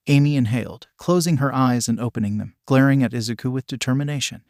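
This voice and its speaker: A synthetic male voice narrating a fan fiction story in a flat, mechanical reading that even spells out punctuation. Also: medium pitch, quick pace, no room sound, studio quality.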